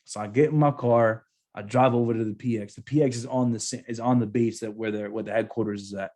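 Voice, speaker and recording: Podcast dude telling a story, cussing a lot, mid voice, into a podcast mic. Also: male voice, medium pitch, fast talker. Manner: animated, profane, repetitive slangy. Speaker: podcast co-host. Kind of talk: casual storytelling.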